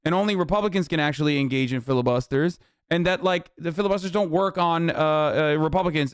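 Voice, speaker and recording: On the high side and quick, his voice barely pauses, sounding clean in a dry studio-quality recording. He's a streamer reacting to the news, raging at chat about politics with heated sarcasm and plenty of profanity.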